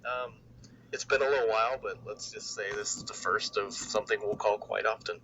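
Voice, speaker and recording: Hesitant man with a bright voice, lo-fi mic. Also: lowish voice, fairly quick, slight background noise. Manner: hesitant, filler-heavy, laughs often. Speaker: podcast co-host. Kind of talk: casual wrestling podcast chat.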